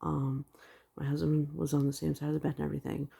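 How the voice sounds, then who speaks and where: A fast-talking woman with a low, husky, warm, creaky voice and flat delivery rambles through her dreams in a religious vlog. Her casual retelling is thick with "like" fillers.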